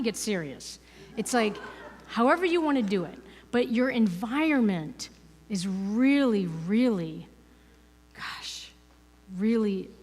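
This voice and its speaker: A woman's voice: on the high side, darkish tone. A woman giving a conversational inspirational talk as a guest speaker at a spiritual ministry, chatty and full of "you know" and "right?". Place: ministry service hall, indoors. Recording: reverberant hall.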